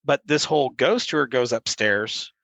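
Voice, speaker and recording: A man's voice: medium pitch, measured pace, vocal fry, dry recording, low-quality recording. A man, a podcast guest telling stories in casual chat and acting out the lines of the people in them. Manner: animated storyteller who acts out the quoted lines.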